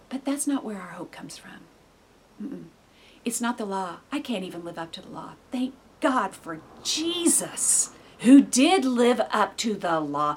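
A woman giving earnest, heartfelt devotional Bible teaching, dropping to soft near-whispers and rising to loud, emphatic bursts. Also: fairly high pitch, slightly rough.

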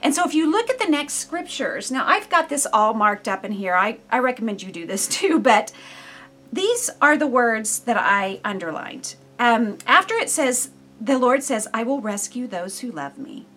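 An earnest woman teaches from scripture in a chatty, conversational way. Her voice sits a little higher than most women's, and it lifts and quickens when she gets animated. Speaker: Bible teacher. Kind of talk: devotional Bible teaching.

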